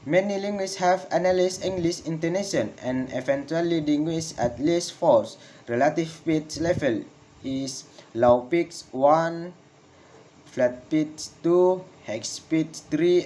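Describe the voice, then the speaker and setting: A man reads out a lesson in slow, measured English. His voice sits a little high, and he stretches each example sentence out with care. A faint hiss of background noise runs under the recording. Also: mellow, low-quality recording. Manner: slow, careful reading with drawn-out example sentences. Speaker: English teacher. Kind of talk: reading a lesson on intonation.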